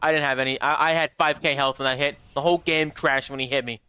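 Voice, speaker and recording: A man's voice: on the high side, steady tone, fast talker, pushed and bright, smooth. A young man streaming a game live, chatting casually with viewers, swearing often and reading out chat. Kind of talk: casual livestream chat while gaming.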